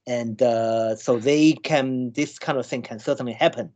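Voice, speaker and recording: Halting man explaining with many restarts. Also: medium pitch, darkish tone. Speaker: scientist guest. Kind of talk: conversational explanation.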